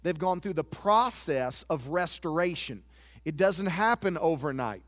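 Male pastor, high voice, earnest confessional sermon delivery, dry close recording. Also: animated, a little slow, a bit bright, no room sound. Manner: earnest, confessional preaching with repeated words.

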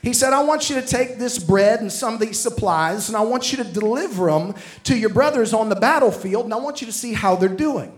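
High-voiced preacher telling a story. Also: male voice, expressive, a little fast. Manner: storytelling, acting out dialogue, calls to congregation. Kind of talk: sermon.

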